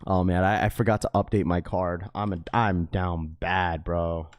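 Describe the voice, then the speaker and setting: A young man livestreaming to his chat in a casual, slangy way, getting excited and repeating himself. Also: sits low, moderate pace. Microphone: webcam setup.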